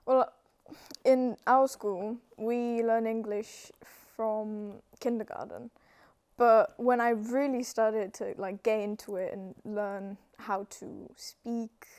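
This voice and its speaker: A teenage girl from Romania, a native Romanian speaker, answering interview questions in a soft-spoken, hesitant, thoughtful way. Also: on the high side. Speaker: student guest. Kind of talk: casual interview.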